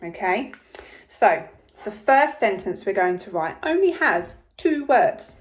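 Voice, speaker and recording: A woman teaching a phonics lesson to young children, sounding out letters slowly and clearly with plenty of encouragement, in an English accent. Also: medium pitch, big pitch swings. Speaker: primary school teacher.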